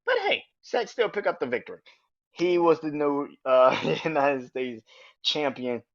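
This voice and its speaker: A man hosting a podcast, talking casually and excitably about wrestling and swearing freely. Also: on the high side, a little slow. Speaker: podcast host. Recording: dull lo-fi sound.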